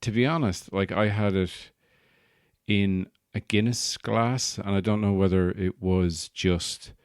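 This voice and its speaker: A man's voice: on the low side, fairly even intonation, a little slow, smooth, dry recording, clean studio sound. An Irish man hosting a podcast, rambling through a jokey comic monologue and slipping into put-on accents. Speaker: podcast host and stand-up comedian. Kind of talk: casual comedic monologue.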